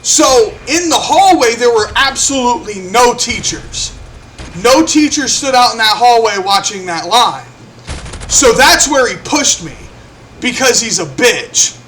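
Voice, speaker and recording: A young man with a very high, bright, sharp voice tells a story to the camera in a loose, cursing style. He acts out each person's lines as he goes. A faint hiss sits behind him. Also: a little slow. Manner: animated, profane, acts out quotes. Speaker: vlogger. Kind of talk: casual storytelling.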